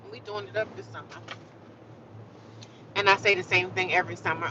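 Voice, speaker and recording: A woman's voice: fairly low pitch, fairly even intonation, fairly quick. A woman livestreaming outdoors in the city, chatting casually and sassily with her viewers and laughing often. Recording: dull lo-fi phone audio with loud street noise.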